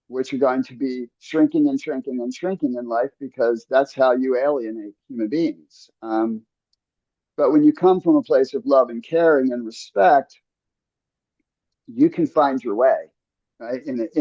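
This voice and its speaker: A man's voice: mid-range voice, a little mellow, dry recording, lo-fi sound. Earnest man coaching in a dry room. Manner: earnest, coaching tone with frequent restarts and "right?". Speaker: podcast host. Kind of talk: casual podcast conversation.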